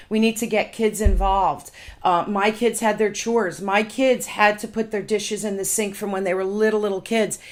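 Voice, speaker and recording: Animated storytelling woman host. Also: mid-range voice. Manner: animated storytelling, acts out quoted dialogue. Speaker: podcast host. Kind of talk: casual interview chat.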